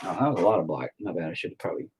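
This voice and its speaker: A man's voice: low-pitched, lively intonation, very fast, a little mellow, breathy edge. A man chatting casually as he paints, rambling, swearing and joking at his own expense. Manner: rambling, profane, self-mocking. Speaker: painting vlogger. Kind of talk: casual chat while painting.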